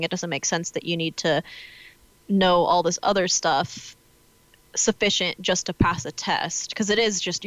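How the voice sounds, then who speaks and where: A woman's voice: lowish voice, a bit bright, dry recording, rough recording. A woman in her twenties, a law student, chatting casually with many fillers and frequent laughs. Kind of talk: casual chat.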